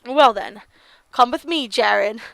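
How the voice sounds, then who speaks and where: A woman voicing a calm male school nurse. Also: on the high side, slow pace, gravelly, no echo, voice pushed down, heavily acted. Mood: gentle. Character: stern but caring male school nurse. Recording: game music playing behind.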